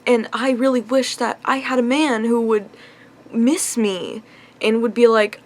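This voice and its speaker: In a confessional vlog, a young woman vents about her love life, frustrated and upset to the point of nearly crying, with frequent sighs. Her voice is a little high, fairly even in intonation, and a bit slow.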